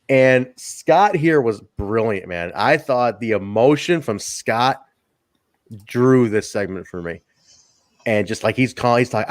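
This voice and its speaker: A man hosting a podcast, recapping a wrestling show in casual, excited, profane chat. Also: mid-range voice, a little slow, dry recording, studio quality. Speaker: podcast host.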